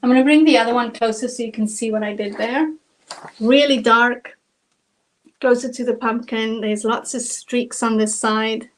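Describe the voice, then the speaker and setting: A woman's voice: a little high, fairly even intonation, a little slow, low-quality recording. A woman from South Africa with a South African accent, chatting through a live acrylic painting tutorial step by step. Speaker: painting instructor.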